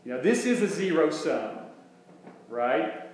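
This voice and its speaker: A man's voice: fairly high pitch, sing-song, slow, darkish tone. A male minister preaching a conversational sermon, full of restarts and rhetorical questions. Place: church sanctuary. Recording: very echoey church room with faint hum.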